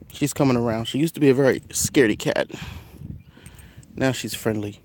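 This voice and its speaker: A man's voice: fairly quick, long pauses, darkish tone, a little hiss or hum. Casual gardening vlogger, young man, rambling and easygoing, recorded outdoors on a phone. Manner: chatty, rambling, talks to his cats in a high coaxing voice. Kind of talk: casual vlog talk while gardening. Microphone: phone camera.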